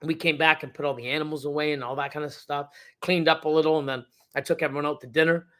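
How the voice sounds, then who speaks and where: A man's voice: fairly high pitch, steady tone, fast, pushed and bright. A middle-aged man hosting a casual livestream, rambling with many fillers and restarts as he reads the chat. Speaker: reptile breeder hosting a livestream.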